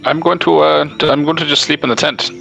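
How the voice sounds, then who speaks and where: Gravelly bright-voiced male player. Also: on the high side, steady tone, soft background music, rough recording. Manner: halting, many fillers, self-amused. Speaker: tabletop game player. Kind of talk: casual game chat. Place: home, online voice chat.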